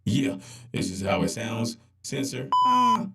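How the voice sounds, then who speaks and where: A man's voice: medium pitch, huge pitch swings, takes it slowly, gravelly. Chatty man demoing his mic. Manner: chatty, rambling, keeps asking if you understand. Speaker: podcast gear reviewer host. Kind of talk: casual gear demo talk. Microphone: broadcast dynamic mic with headphones.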